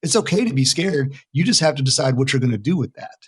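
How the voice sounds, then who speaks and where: A man's voice: medium pitch, lively intonation, fast talker, breathy edge, dry recording. A middle-aged American man, a guest in a podcast interview, speaking earnestly and emphatically in casual conversation. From United States. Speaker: veteran mental health worker, interview guest.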